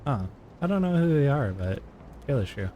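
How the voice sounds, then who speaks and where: A man's voice: medium pitch, very animated, normal speed, dull audio, a little hiss or hum. A tired, yawning man giving playful, chatty gameplay commentary while streaming. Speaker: gaming streamer.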